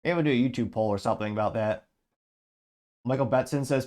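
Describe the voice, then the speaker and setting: A man's voice: mid-range voice, fairly even intonation, normal speed, long pauses, darkish tone. Sarcastic male show host. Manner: sarcastic, laughs often, restarts. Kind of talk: casual commentary reading viewer comments.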